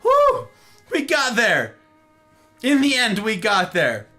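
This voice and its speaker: Male stream host, higher voice, very animated delivery, chatty and jokey. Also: takes it slowly, soft background music. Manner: animated, greets viewers warmly by name; playful, jokey asides. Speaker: livestream host. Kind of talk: casual livestream chat with viewers.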